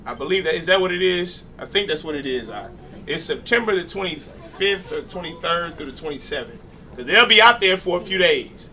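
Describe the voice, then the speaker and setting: With a fairly high, animated voice and a fairly quick pace, a class leader addresses a religious class in a congregation hall over crowd noise. He preaches sermon-style, gives announcements, jokes loosely, and uses call-and-response.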